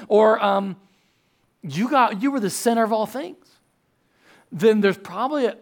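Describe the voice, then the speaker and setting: A man in his thirties with a high voice preaches as a pastor. His sermon is chatty and full of energy, with stories that suddenly break into loud outbursts.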